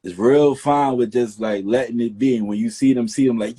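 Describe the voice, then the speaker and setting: Mellow, husky man telling it animatedly. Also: mid-range voice, normal speed. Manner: animated storyteller, swears, calls people "bruh". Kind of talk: candid casual chat.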